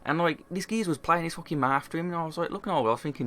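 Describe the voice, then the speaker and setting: Young Birmingham male storyteller, rapid sweary slang-heavy delivery, music bed underneath. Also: on the high side, expressive, bright, forceful tone. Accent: Birmingham English. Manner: swears constantly, slangy, fillers like "like" and "you know". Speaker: gaming YouTuber. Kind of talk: casual storytelling over gameplay.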